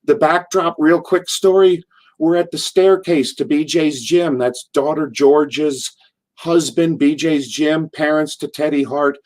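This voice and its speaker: In this interview, an older man who used to wrestle spins a meandering tale and mimics the voices of the people involved. He speaks unhurriedly in a fairly high, steady voice with a darkish tone.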